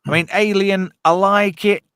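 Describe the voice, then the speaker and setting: A man's voice: sits high, fairly even intonation, normal speed, a bit bright, clean tone, dry recording, clean studio sound. A man hosting a casual podcast chat, ranting bluntly and swearing a lot. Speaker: host.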